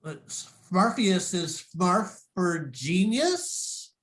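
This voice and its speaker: A man's voice: sits high, big pitch swings, very slow, a bit bright, exaggerated voice. A man playing a fussy, nerdy male Smurf producer with a pedantic, nitpicking manner in a comedy sketch. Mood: nitpicky.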